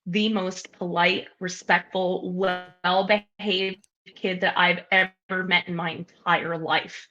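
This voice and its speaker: Bright-voiced blunt woman guest. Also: on the low side, little pitch movement, slow. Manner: blunt and profane. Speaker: podcast guest. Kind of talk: casual chat. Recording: dull lo-fi sound.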